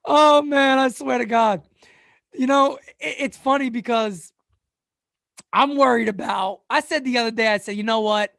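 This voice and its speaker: An extremely high, gravelly and slightly bright male voice at normal speed belongs to a sports channel host running a casual live-stream chat. He jokes, laughs often and stammers on repeated words. The studio sound is clean, with no echo.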